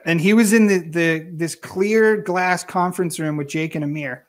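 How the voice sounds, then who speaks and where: A man being interviewed, telling career stories in a casual, animated way and acting out what others said. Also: high voice, unhurried, hardly any pauses. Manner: animated storyteller, acts out quoted voices. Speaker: guest.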